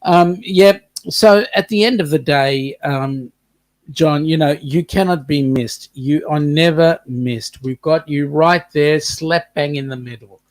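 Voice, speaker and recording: A man with an accent mixing British and New Zealand sounds co-hosts a casual live-stream chat, reading out viewer comments and joking around. His voice is on the high side and his pace unhurried.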